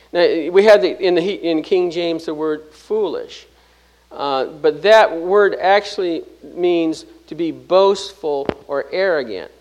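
High-voiced preacher man, emphatic. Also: low-quality recording. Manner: emphatic with frequent restarts and repeated words; swings between loud stresses and low soft drops. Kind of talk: expository sermon.

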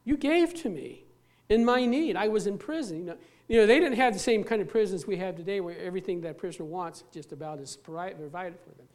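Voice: mid-range voice, darkish tone. Earnest pastor preaching a sermon. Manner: earnest, emphatic, slows down to stress key words; repeats and restarts phrases while preaching.

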